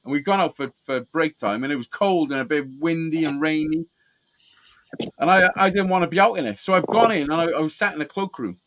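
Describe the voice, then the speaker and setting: A man with a slightly high voice speaks briskly against background noise. He's hosting a live call-in show, casually telling stories with nonstop swearing while laughing at them himself.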